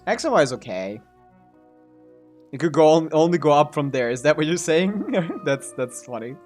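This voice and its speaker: A man's voice: fairly high pitch, sing-song, normal speed, darkish tone, soft background music. A man streaming a video game, commenting casually in a rambling, joking way and laughing often.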